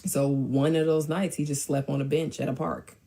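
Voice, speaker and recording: Low mellow woman telling a story. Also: level tone, normal speed. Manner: blunt, offhand slang. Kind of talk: casual storytime.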